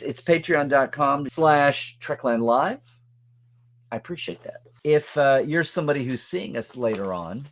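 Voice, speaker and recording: A man hosting a casual weekly web show, chatty and upbeat, with plugs and thank-yous to supporters. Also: medium pitch. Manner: chatty, upbeat, reads out supporter shout-outs. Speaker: show host.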